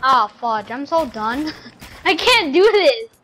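Very high, slow-talking young gamer. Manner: excitable, goofy, bursts of yelling; says bro a lot. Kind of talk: casual gaming voice chat.

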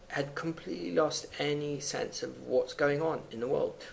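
A man's voice: fairly high pitch, normal speed, vocal fry. A man teaching, explaining a poem line by line and thinking aloud with fillers between readings, over faint background noise.

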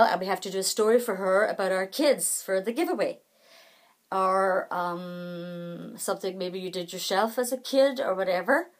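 A woman's voice: medium pitch, a little slow. A middle-aged woman, chatting to camera in a rambling, self-deprecating way. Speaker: vlogger. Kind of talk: casual chat to camera.

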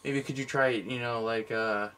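A man's voice: medium pitch, fairly even intonation, normal speed, crowd noise. A man co-hosting a giveaway video, chatting casually and joking, drawing out his punchlines. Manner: goofy, drawls his punchlines. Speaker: co-host of a movie giveaway channel.

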